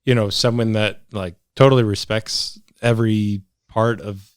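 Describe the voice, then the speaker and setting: A man's voice: fairly low pitch, moderate pace, smooth, no room sound. Laid-back man with a dry voice. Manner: relaxed, agreeable, many fillers. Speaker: comic book artist. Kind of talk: casual interview chat.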